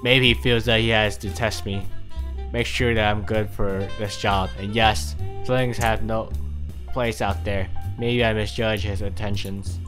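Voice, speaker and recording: A man's voice: on the low side, fairly even intonation, measured pace, fairly bright tone, faint music behind. Wry, swearing man on stream. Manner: casual, swearing, wry asides while reading. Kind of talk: casual reading of a visual novel on stream.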